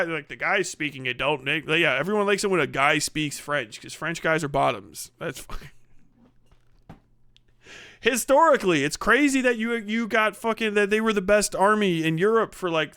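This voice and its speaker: A middle-aged man chats to his stream audience in a high, bright, clear voice. His talk is profane and rambling and full of laughs. The mic sounds dry and close. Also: no room sound. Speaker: live streamer. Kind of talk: casual stream chat reading donations.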